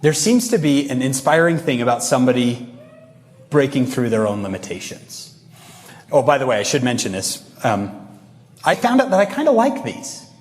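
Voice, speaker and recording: A man's voice: mid-range voice, normal speed. A man giving a motivational talk to young people, telling stories with energy and acting out quoted lines. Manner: animated storytelling, acts out quotes. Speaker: speaker addressing youth. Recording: echoey hall.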